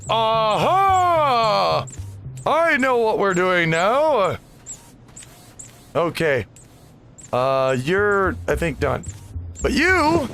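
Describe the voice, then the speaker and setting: A man's voice: high voice, creaky, sharp tone. A man hosting a casual let's play, rambling and easily distracted with chatty asides. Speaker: gaming video host.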